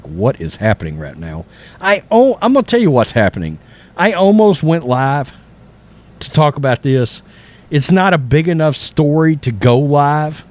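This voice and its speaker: Lively, rambling man. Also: medium pitch. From Texas. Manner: rambling, animated, profane. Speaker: sports channel host. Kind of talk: casual sports commentary vlog.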